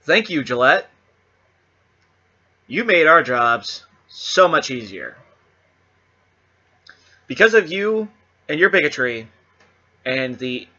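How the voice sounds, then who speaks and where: A man's voice: mid-range voice, bright, forceful tone, highs cut off. A man hosting his own channel, delivering a sarcastic, emphatic monologue straight to the camera. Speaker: channel host.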